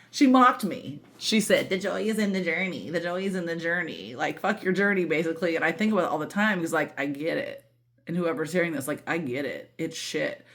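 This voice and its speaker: A woman giving a casual tarot reading, emotional and candid, swearing freely and talking with lots of fillers. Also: sits low. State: voice breaking with emotion. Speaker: tarot reader.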